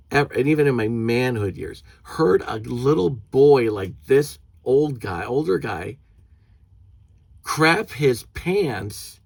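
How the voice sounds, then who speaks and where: Gravelly man on an angry rant. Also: dry recording. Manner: indignant, swears a lot, mocking quotes in a high voice. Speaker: vlogger. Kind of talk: angry ranting vlog.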